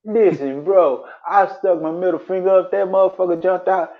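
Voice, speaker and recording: A man's voice: high-pitched, lively intonation, moderate pace, dull audio. A man telling a rambling, profane story about run-ins with police in casual chat, laughing as he goes.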